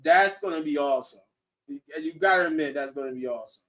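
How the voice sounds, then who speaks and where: Excitable man set back from the mic. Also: fairly high pitch, fast talker, recorded from a distance. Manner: excitable, laughs often, restarts sentences. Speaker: podcast host. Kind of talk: casual chat reviewing shows and movies.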